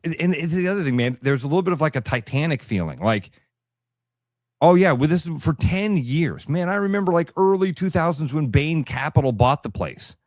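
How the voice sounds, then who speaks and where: A man's voice: a little high, expressive, a little fast, dry recording, clean studio sound. A man co-hosting a radio show in casual chat, emotional and rambling, often restarting his sentences. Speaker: radio co-host. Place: radio studio.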